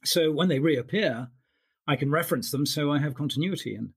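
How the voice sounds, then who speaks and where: A man's voice: fairly high pitch, fairly quick, creaky, husky. A man who works as an audiobook narrator, talking thoughtfully in an interview with frequent restarts. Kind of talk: interview conversation.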